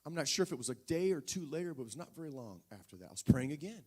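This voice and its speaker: A man's voice: fairly high pitch, sing-song, racing. A male preacher telling a personal story in a sermon, talking conversationally with frequent restarts and fillers.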